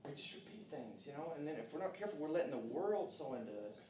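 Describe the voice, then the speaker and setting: Fervent preacher in echoey room. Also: male voice, fairly high pitch, animated, fast talker, a little hiss or hum. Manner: fervent, calls out amen, drops to hushed tones. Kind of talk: sermon. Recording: echoey room, mic far off.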